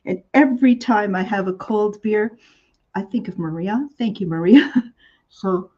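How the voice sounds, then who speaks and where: A woman's voice: mid-range voice, a little slow, darkish tone, highs cut off. A woman hosting a live shopping show, chatting in a rambling way with many fillers.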